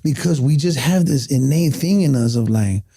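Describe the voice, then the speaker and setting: An animated middle-aged man with a gravelly, dark, mid-range voice talks at a moderate pace. As a podcast guest, he earnestly tells reflective stories in casual conversation, stopping and restarting often.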